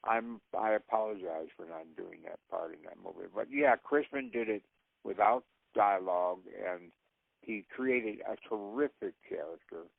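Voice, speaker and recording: A man's voice: fairly low pitch, normal speed, vocal fry, no echo. An older man, an actor, telling rambling anecdotes with frequent laughs. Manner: rambling storyteller who laughs often. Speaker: actor guest. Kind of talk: casual anecdotes. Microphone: phone. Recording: tinny phone line.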